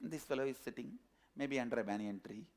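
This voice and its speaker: A man telling a parable as a spiritual teacher, animated and repetitive. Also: medium pitch, fast talker. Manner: animated storytelling, repetitive phrasing. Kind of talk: storytelling sermon.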